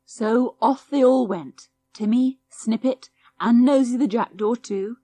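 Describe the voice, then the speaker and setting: A woman reading a children's audiobook in a lively, expressive storytelling voice. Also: fairly high pitch, slow, no room sound. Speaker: audiobook narrator.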